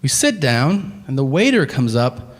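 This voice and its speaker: A man's voice: medium pitch, sing-song, unhurried. Exasperated, profane male stand-up comedian. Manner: profane, incredulous, exasperated storytelling. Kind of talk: stand-up storytelling. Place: live comedy venue. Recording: live hall reverb, faint room ambience.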